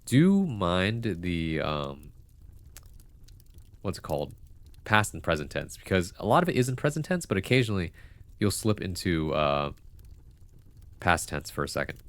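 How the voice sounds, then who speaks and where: Deep-voiced male streamer with congested nose. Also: sing-song, unhurried, pauses often, no room sound. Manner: chatty, rambling, with many fillers and self-corrections. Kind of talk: casual livestream commentary.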